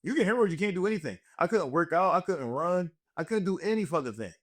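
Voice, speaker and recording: Profane, animated young man telling stories. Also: high voice, fast. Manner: profane, animated storytelling with put-on voices. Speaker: comedian and podcast host. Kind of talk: casual storytelling chat.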